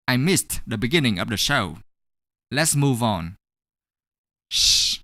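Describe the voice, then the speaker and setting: A woman teaching English pronunciation in a scripted online lesson, over-articulating each sound slowly and deliberately. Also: a bass voice, lively intonation, bright, forceful tone, no echo, studio quality.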